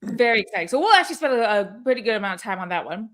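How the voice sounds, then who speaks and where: A woman's voice: mid-range voice, animated, very fast, a bit bright. A woman co-hosting a weekly company call in casual chat, upbeat and chatty, laughing often.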